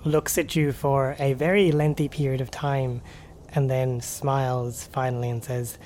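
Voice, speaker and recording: Low-voiced woman game master. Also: a little slow, a little hiss or hum. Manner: relaxed, conversational narration. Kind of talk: narrating a tabletop game.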